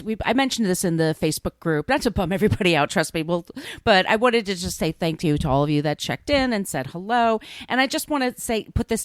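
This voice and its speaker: A woman's voice: medium pitch, clear, resonant tone, no room sound, studio quality. A woman co-hosting a podcast in casual chat, laughing often and correcting herself. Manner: chatty, laughs often, fillers and self-corrections. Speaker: podcast co-host.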